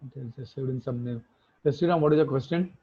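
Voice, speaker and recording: This online instructor has a husky, mid-range male voice and a fast delivery. Step by step, he explains the material and often asks tag questions to check in, while the audio sounds muffled, like a phone call.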